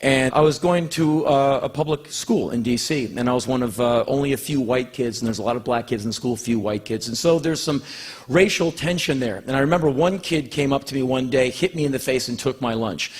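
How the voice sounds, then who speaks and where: Husky, intense American man on stage. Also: medium pitch, a little fast. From Washington, D.C., United States. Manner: intense, profane, bursts into shouting. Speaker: spoken-word performer. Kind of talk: stand-up spoken-word monologue.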